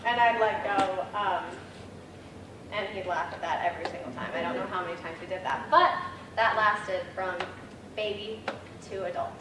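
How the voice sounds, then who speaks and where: A woman's voice: on the low side, fairly even intonation, a little fast. A woman in her twenties giving a eulogy at a memorial service, telling chatty, laughing stories with many fillers. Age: 20s. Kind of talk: memorial speech with funny stories. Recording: echoey hall, distant mic, noisy room.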